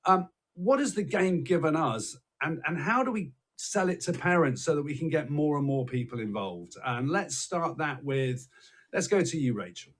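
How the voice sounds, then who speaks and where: Man, podcast host, casual panel chat, teasing, slightly high voice. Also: animated, moderate pace. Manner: jokey, teasing, restarts phrases.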